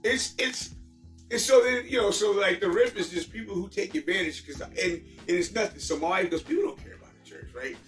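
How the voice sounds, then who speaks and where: A man's voice: sits high, brisk. A man in his forties telling a frustrated story in casual chat and acting out both sides of the conversation. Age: 40s. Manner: animated ranting storyteller acting out dialogue. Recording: roomy, distant mic, faint music.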